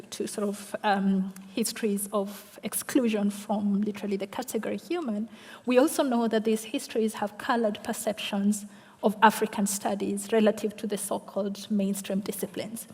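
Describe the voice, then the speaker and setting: A woman scholar giving an academic lecture response, measured, often tagging questions and repeating words as she thinks. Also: mid-range voice, steady tone, dark tone. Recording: long hall reverb.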